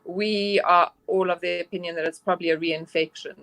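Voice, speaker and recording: A woman doctor speaking over a remote call, measured and explanatory, pausing on ums and uhs. Her voice sits a little low, and the sound is dry and close. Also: steady tone, fairly bright tone, dry recording. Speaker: doctor guest. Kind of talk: remote interview answers.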